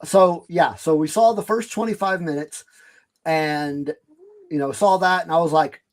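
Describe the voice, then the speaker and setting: A man's voice: on the high side, a little slow. A middle-aged man co-hosting a podcast, speaking hesitantly with lots of fillers in casual chat. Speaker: podcast co-host.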